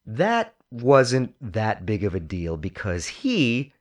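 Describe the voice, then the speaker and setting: A man hosting a casual movie discussion, talking in an animated way and putting on voices when he quotes. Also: on the low side, slow.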